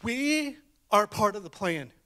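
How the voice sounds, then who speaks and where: A man preaching a sermon, telling a personal story in a conversational way, then swinging between rising emphatic calls and hushed whispers. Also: on the high side, moderate pace.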